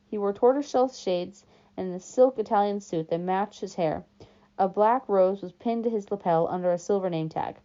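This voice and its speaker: A woman reading a novel aloud in calm, first-person storytelling narration. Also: mid-range voice, normal speed. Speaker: audiobook reader. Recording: dull lo-fi recording.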